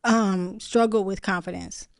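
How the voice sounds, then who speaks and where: A woman's voice: medium pitch, fairly even intonation, measured pace, vocal fry. A woman with a mid-range voice talks earnestly and personally on a talk show. The sound is dry and close, with no room echo. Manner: frequent backchannel, earnest, personal. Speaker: co-host. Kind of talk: casual chat.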